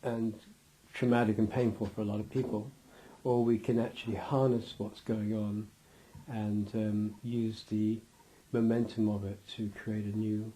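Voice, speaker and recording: A man's voice: lowish voice, little pitch movement, unhurried, few pauses, warm tone. A man giving a loose, rambling interview, restarting his sentences and acting out little scenes with laughter.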